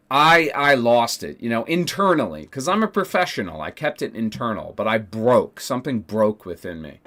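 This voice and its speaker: Man, streamer, casual profane rant, lively swinging pitch, emphatic repeats. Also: moderate pace. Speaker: Twitch streamer. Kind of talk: casual storytelling to stream chat.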